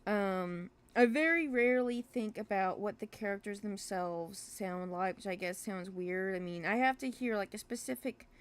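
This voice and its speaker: A woman chats casually on her own livestream about the comic she makes, thinking out loud. She rambles and hesitates, restarts her sentences and apologizes for herself, in a voice of middling pitch for a woman. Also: normal speed, few pauses, clear, resonant tone. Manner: self-deprecating, apologetic. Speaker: webcomic creator streaming live.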